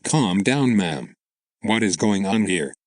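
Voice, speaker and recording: A man reading a story aloud and voicing a calm, measured male store manager. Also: fairly low pitch, no room sound, clean studio sound.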